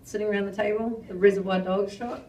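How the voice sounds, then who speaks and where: A woman's voice: mid-range voice, steady tone, fast talker, darkish tone, a little hiss or hum. A woman from New Zealand with a New Zealand accent, telling stories as a guest at a live panel, chatty and self-mocking with frequent swearing. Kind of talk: rambling live panel talk. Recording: roomy hall audio, distant mic.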